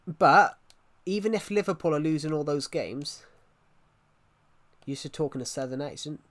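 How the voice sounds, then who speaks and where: A man's voice: a little high, moderate pace, fairly bright tone. Rambling male live streamer. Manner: rambling, repeats and restarts phrases. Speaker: game streamer. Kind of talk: casual live-stream chat.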